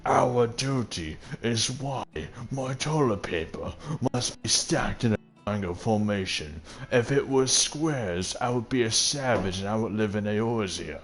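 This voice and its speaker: A man putting on the voice of a pompous, self-important old scholar, speaking slowly and grandly as a mockery. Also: on the low side, soft background music, lightly acted. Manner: slow, grandiose, mocking.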